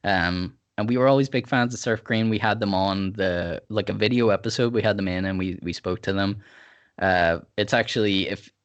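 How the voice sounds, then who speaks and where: A man's voice: lowish voice, moderate pace. A man hosting a podcast in a rambling, laid-back chat, sipping whiskey. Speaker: podcast host. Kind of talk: casual chat.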